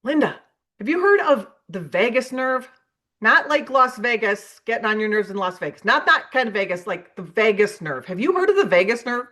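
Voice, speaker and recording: Over a video call, a woman delivers a motivational keynote on sales psychology, animatedly acting out sample invitation messages to prospects. Her voice is on the high side at a normal speed.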